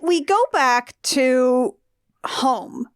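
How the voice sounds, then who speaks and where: A woman with a slightly high voice chats about a movie on a podcast. She sounds incredulous and sarcastic, swearing casually. The sound is dry and close. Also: extremely slow, clean tone, dry recording. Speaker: podcast guest. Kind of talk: casual chat recapping a film.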